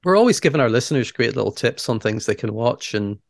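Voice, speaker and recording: A man's voice: medium pitch, expressive, fast talker, gravelly, no echo, clean studio sound. A man co-hosting a podcast, casually retelling movie scenes step by step and laughing often. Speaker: podcast co-host. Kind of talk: casual movie recap chat.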